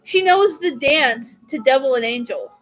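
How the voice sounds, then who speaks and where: A woman's voice: sits high, expressive, unhurried, soft background music, poor audio. A young woman vlogging in a casual, chatty way, gushing and laughing often. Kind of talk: casual chat.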